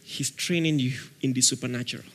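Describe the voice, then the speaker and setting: A man preaching a sermon as pastor, animated, laughing often and shouting out dramatic prayer examples. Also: medium pitch, fast talker. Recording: long reverb of a large hall.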